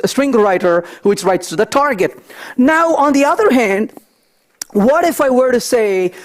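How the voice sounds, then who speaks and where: Animated man giving a coding talk. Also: sits high. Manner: animated, storytelling asides, thinks aloud. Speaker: conference speaker. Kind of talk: technical talk with live coding.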